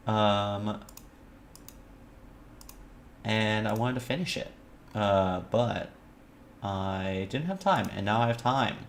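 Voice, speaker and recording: A woman's voice: very deep voice, slow, pauses often, a little hiss or hum. Rambling, swearing woman streamer. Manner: rambling, profane, jokey asides. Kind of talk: casual let's-play chat.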